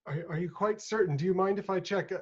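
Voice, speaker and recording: A man's voice: high-pitched, fast, a little mellow, husky. A man playing a tabletop game, asking in character with polite, formal courtesy. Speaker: player. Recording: dull lo-fi audio.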